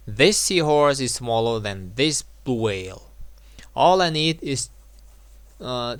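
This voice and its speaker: A man gives an English grammar lesson at an unhurried, deliberate pace, repeating each example and checking in with a quick "yeah?". His voice is smooth and clear, at a middle pitch, recorded close with no room sound. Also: a bit bright, dry recording. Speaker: English teacher. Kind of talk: slow explanatory grammar lesson.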